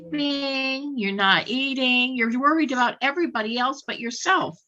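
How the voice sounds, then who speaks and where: A higher-pitched woman healer speaks with a bright, ringing edge, hammering her points home through repetition. Her voice comes through muffled, lo-fi online call audio. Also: moderate pace, a little hiss or hum. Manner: insistent, repeats points emphatically. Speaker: spiritual healer hosting a session. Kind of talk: live online healing session.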